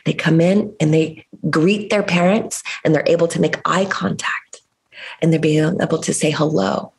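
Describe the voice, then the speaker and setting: A woman from the United States telling a personal story in an interview, in an animated, expressive way. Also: low-pitched, moderate pace, gravelly. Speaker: guest. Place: Los Angeles area.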